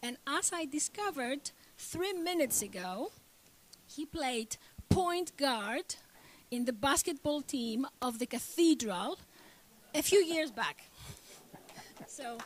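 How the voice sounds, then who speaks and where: A woman giving a formal introduction at a cultural event, speaking slowly and deliberately. Her voice sits somewhat high, and her words are carefully measured. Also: expressive, slight background noise. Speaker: department chair introducing a speaker. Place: cultural center hall.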